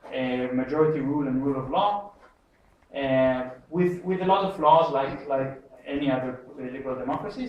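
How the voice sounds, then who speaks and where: A man's voice: fairly high pitch, a little mellow. Man lecturing in an echoey hall. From Israel. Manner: halting, many fillers and restarts. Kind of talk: public lecture. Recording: echoey hall, mic far off, faint noise.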